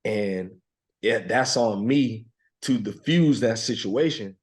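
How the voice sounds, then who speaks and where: A man in his thirties with a slightly low voice talks through a personal story as a podcast guest. His delivery is reflective and emotional, often dropping soft, with laughs breaking in. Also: takes it slowly, slightly rough. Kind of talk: heartfelt conversational storytelling.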